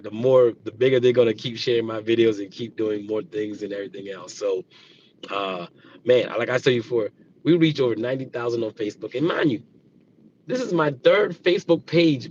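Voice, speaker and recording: Middle-aged man, mid pitch, heated and repetitive casual talk to viewers; muffled lo-fi livestream sound. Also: a little hiss or hum. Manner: passionate, rambling, repeats himself. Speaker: dog kennel owner.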